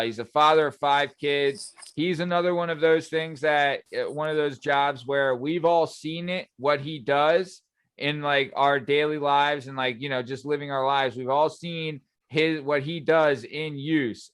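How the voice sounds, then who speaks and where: Smooth-voiced swearing podcast host guy. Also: on the high side, fairly bright tone, dry recording. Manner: swears often, laughs easily, rambling. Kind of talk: casual chat.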